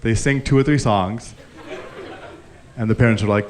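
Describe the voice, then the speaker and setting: A man's voice: mid-range voice, moderate pace, some chatter behind, slight background noise. A man performing a live stand-up comedy set, telling stories and acting out the people in them. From grew up Indian. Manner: animated storytelling, acting out characters. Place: live comedy stage with audience. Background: audience laughter.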